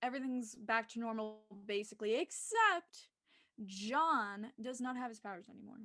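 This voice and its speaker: Bubbly high-voiced woman gushing about TV. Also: normal speed, a bit bright, no room sound, studio quality. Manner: bubbly, gushing, lots of fillers. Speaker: podcast co-host. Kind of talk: casual fan discussion.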